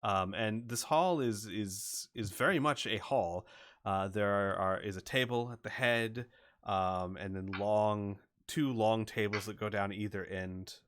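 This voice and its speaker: Guy game master narrating a tabletop session, lowish voice, easygoing with lots of uhs. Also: measured pace, a little hiss or hum. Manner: relaxed narration with filler words.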